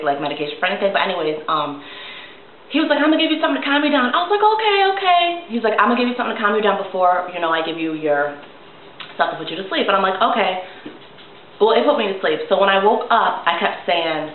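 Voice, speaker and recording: A woman's voice: lowish voice, a little hiss or hum. Young female vlogger, rambling casual talk, lo-fi phone-line tone, slight room echo. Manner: chatty, rambling with many fillers and restarts; animated when quoting herself and others. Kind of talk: casual video diary. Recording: echoey room, tinny phone-like sound.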